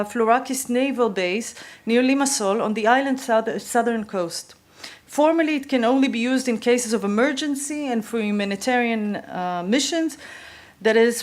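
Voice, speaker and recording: A woman delivers a prepared conference talk in a measured way. Her voice sits a little high, and she reads from notes with the odd filler. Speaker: conference speaker. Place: conference hall.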